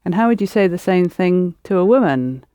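Teacher, patient step-by-step explainer, medium pitch, dry close sound. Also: lively intonation, a little fast, mellow, no room sound, highs cut off. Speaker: language teacher. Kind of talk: guiding students through spoken drills.

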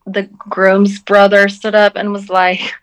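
A woman co-hosting a podcast in casual chat, making quick, frank remarks. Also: mid-range voice, monotone, clean tone.

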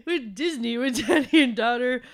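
A young woman doing a loud mock radio-host dad. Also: on the high side, moderate pace, close to an everyday voice. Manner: loud, announcer-like, laughing through it.

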